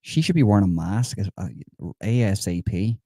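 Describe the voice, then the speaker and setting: A man giving sarcastic live commentary over video clips, mock-approving and breaking into excitable outbursts. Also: on the low side, normal speed, heavy background noise. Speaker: satirical commentator.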